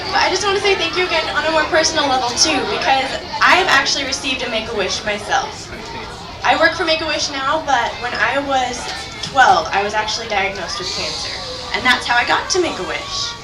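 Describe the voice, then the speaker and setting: A young woman speaking to a crowd for a charity, her voice squeaky because she is sick, enthusiastic and heartfelt. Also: lively intonation, normal speed, music in the background. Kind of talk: speech to a crowd. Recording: echoey and distant in a noisy crowd. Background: crowd noise.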